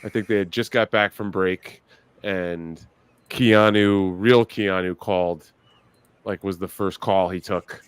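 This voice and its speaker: A man's voice: deep voice, fairly even intonation, takes it slowly, clear, resonant tone, no echo. A man co-hosting a podcast, crude and wisecracking in casual chat. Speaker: podcast co-host.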